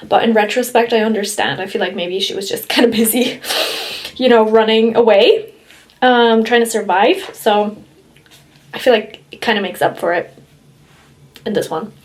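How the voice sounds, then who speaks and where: A woman's voice: a little high, normal speed, pauses often. A woman vlogging her reading, giving a gushing, emotional running commentary full of laughter. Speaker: book vlogger. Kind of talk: casual reading vlog reactions.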